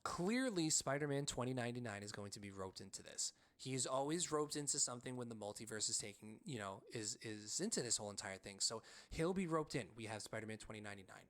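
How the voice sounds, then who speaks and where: A man co-hosting a podcast, telling a story in an animated, excitable way and leaning on the word "like.". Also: mid-range voice, fast, hardly any pauses. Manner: frequent "like" fillers. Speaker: podcast co-host. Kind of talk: casual storytelling chat.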